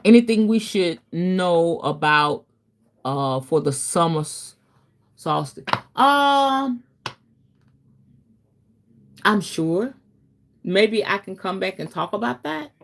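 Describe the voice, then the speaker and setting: A woman hosting a casual teaching stream, talking straight to her viewers in a chatty way and breaking into dramatic, animated asides. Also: fairly low pitch, slow pace, pauses often. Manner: chatty, addresses viewers directly. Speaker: host, spiritual teacher.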